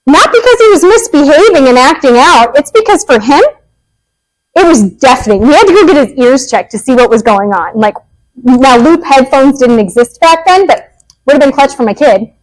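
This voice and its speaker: A woman in her thirties, a behavior analyst, giving a casual, animated workshop talk to parents in a meeting room and acting out quoted lines. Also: sits high, moderate pace, poor audio. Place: meeting room with a live audience.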